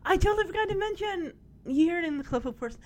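A woman casually recapping a TV episode, gushing and excitable as she retells scenes and quotes the characters. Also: very high-pitched, quick pace. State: tearing up.

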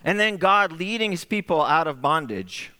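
A middle-aged man preaching a sermon, telling a story in an animated way and acting out the voices he quotes. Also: fairly high pitch, normal speed. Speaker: pastor. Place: church sanctuary. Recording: echoey sanctuary with long reverb.

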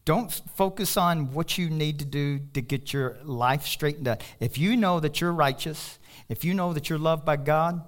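A pastor preaches a passionate sermon at a moderate pace with hardly any pauses, climbing into loud, high bursts before dropping to soft, low asides. He tells stories animatedly and laughs along the way.

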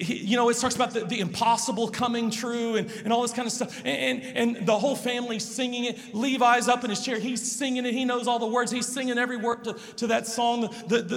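A man's voice: very high voice, creaky, a bit bright. A man preaching a sermon as a pastor, earnest and conversational, telling personal stories. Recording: long hall reverb.

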